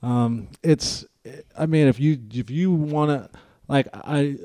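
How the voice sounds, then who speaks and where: A man's voice: a little high, takes it slowly, warm tone, no echo. A man talking as a podcast guest in casual chat, laid-back and full of fillers and swearing.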